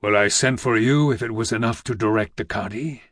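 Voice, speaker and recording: A man reading an audiobook, voicing a weary, heavy old vizier who speaks slowly in a deep, rumbling, almost whispered growl. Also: fairly bright tone, no echo, studio quality. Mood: grave. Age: older. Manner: slow, grave and weighty.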